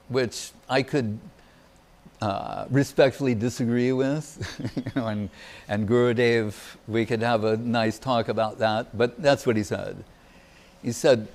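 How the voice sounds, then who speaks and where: An older man gives a devotional talk, telling memories of his teacher. He pauses often and hunts for the right phrase, with a voice at an everyday middle pitch. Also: fairly even intonation, darkish tone. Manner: halting, searching for words, many pauses. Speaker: spiritual teacher.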